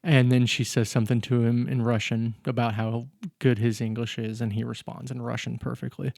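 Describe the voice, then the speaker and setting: A man's voice: mid-range voice, level tone, normal speed, vocal fry, darkish tone, no room sound, clean studio sound. A man co-hosting a podcast, casually recapping a film's plot step by step with fillers. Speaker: podcast co-host. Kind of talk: casual chat recapping a film.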